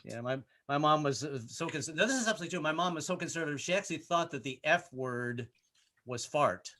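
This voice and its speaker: A man's voice: fairly high pitch, expressive, quick pace, sharp tone. A man doing a rambling stand-up comedy set, stumbling over his words and repeating himself. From Irish. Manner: rambling, self-interrupting, puts on character voices.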